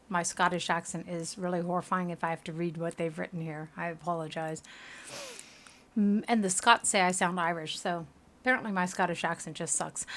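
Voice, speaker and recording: A woman's voice: on the low side, steady tone, a little fast, fairly bright tone. A woman reading a game aloud, dropping candid, self-deprecating asides. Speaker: game reader.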